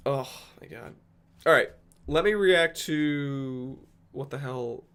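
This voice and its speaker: A man's voice: medium pitch, slow, fairly bright tone, clean tone. A man from Rhode Island chatting casually with viewers on a livestream, rambling and joking with a fair amount of profanity. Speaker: streamer.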